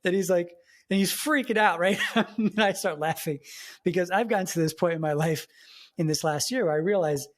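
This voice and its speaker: Brief: male podcast co-host, lively anecdote teller who voices the people he quotes. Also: high voice, fairly quick. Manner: animated storyteller, acts out quoted voices. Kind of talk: casual chat.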